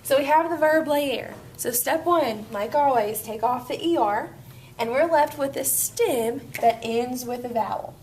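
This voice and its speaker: A woman's voice: high voice, unhurried, darkish tone, slight background noise. A woman teaching a Spanish grammar lesson, walking students through each step in an upbeat way.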